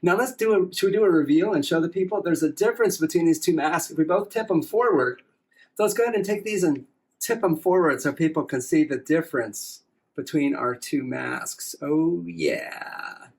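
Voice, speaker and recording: An enthusiastic, upbeat American man with a slightly high, husky voice speaks briskly while presenting a science demonstration. He explains optical illusions to a partner.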